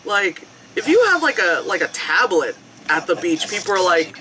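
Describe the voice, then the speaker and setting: Lively, laughing, swearing movie reaction commentator. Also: medium pitch, a little slow, noisy background. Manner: laughs often, swears freely, mimics characters. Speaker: movie reviewer. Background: film soundtrack music playing.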